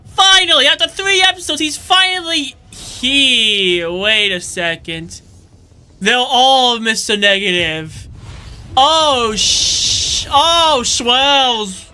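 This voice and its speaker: A man giving jokey, excitable commentary while playing a video game, often shouting his reactions. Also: very high-pitched, smooth. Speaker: let's play host. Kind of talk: gameplay commentary.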